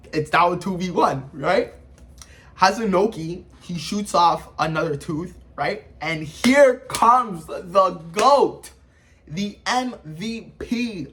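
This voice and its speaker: A man giving casual anime review commentary, animated and slangy, full of sound effects. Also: high voice.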